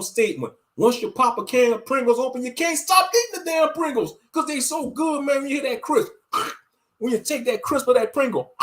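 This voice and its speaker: A man in his thirties holds forth on a casual livestream, his voice sitting noticeably high for a man. He rants bluntly and profanely, rambling from point to point and calling his viewers family. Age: 30s. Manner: addresses viewers directly as family. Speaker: livestream commentator.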